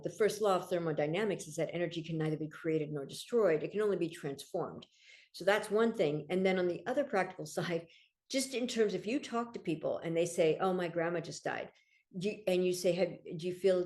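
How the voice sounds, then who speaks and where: A middle-aged woman, a podcast guest and coach, talking in an enthusiastic, gently explanatory way and laughing easily. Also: on the low side. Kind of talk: casual interview chat.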